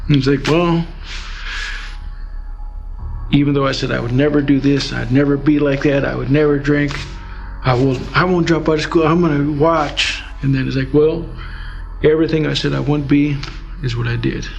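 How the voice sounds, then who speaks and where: A man's voice: on the high side, fairly even intonation, moderate pace, vocal fry, pauses often, darkish tone, lo-fi sound. Man telling his story, faint music. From Alaska. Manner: rambling storytelling with many fillers. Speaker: interviewee. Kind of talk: personal testimony.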